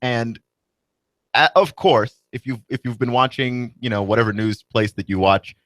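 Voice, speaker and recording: A man's voice: medium pitch, moderate pace, a bit bright, no room sound. A young man co-hosting a radio podcast, chatting casually in a wry, skeptical way. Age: young adult. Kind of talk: casual chat. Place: radio studio.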